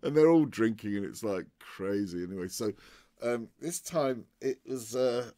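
A man's voice: mid-range voice, lively intonation, moderate pace, dark tone, no room sound, clean studio sound. An older man telling a rambling anecdote in a casual way. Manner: rambling, with many fillers and restarts. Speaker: storyteller.

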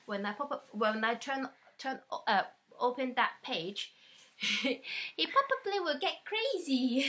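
At home, a high-voiced woman slowly reads a picture book aloud for a small child, keeping her tone playful, animated and full of life.

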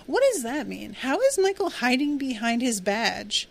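A woman's voice: on the high side, very animated, normal speed, vocal fry. A woman talks casually as a podcast host, recapping a TV episode. She is chatty and full of fillers, and she slips into acted-out quotes of the characters.

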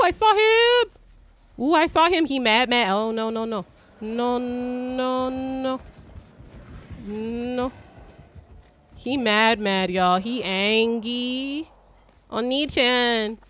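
A young woman streamer giving live gameplay commentary, excitable, swearing and shrieking when startled. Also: on the high side, slight background noise.

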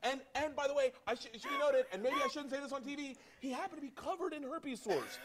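A middle-aged man, a comedian, telling crude stories in an animated way and laughing at his own jokes. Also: very high-pitched, fast talker, hardly any pauses, noisy background. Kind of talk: comic storytelling.

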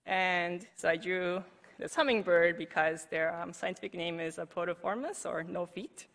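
Speaking at a moderate pace in a lower voice with a fairly bright quality, a woman delivers a casual, talkative conference presentation that was recorded. She fills her speech with "like" and laughs easily.

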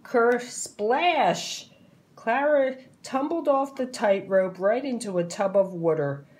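A woman narrating a children's picture book aloud, clear and expressive. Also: medium pitch. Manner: slow, clear, expressive storytelling.

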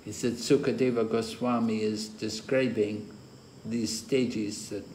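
A man, a spiritual teacher, giving a scripture class lecture and explaining terms step by step in a slow, deliberate way, with an occasional chuckle. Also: lowish voice, darkish tone. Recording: roomy echo with faint ambient noise.

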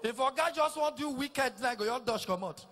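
A middle-aged Nigerian man with a Nigerian Pidgin accent, doing a teasing stand-up routine that repeats lines and shouts punchlines. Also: very high-pitched, animated, moderate pace, a little hiss or hum. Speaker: stand-up comedian. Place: live comedy stage.

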